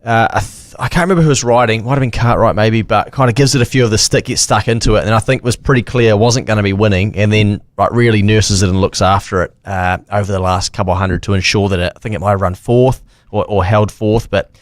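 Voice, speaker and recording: A man's voice: fairly low pitch, fairly even intonation, fast, no room sound, studio quality. A man, a racing podcast co-host who rambles and pokes fun at himself. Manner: rambling, self-mocking storyteller. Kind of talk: casual racing tips chat. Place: studio.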